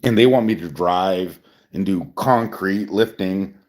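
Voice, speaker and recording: A man in his forties, voice low and unhurried, chats casually on a live stream after a few drinks of whiskey. He rambles, repeats himself, and chuckles often, still drinking as he talks.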